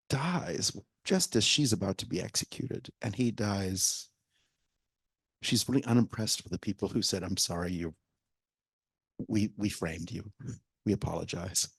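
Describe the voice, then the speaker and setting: This theater director, appearing as a guest speaker in a library event hall with a live audience, animatedly recounts a story, voicing the quoted parts and occasionally dropping almost to a whisper. He has a fairly low, creaky voice with a breathy edge, and the audio carries no echo.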